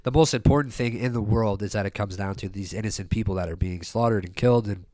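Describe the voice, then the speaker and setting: A man's voice: fairly low pitch, fast talker, a little mellow, no echo, clean studio sound. A young man talking in a loose, rambling monologue, swearing often and circling back with lots of fillers and restarts. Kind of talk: casual opinion monologue.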